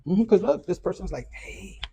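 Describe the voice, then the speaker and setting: Husky man giving a profane, casual tarot reading. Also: high-pitched, animated, moderate pace, a little mellow. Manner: loose and profane, with Spanish slang mixed in. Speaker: tarot reader.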